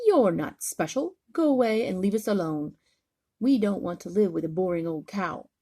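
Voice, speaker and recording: A woman's voice: medium pitch, animated, moderate pace, mellow, husky. A woman voicing a group of haughty, unfriendly giraffes in a bedtime storybook. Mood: snooty. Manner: snooty, dismissive.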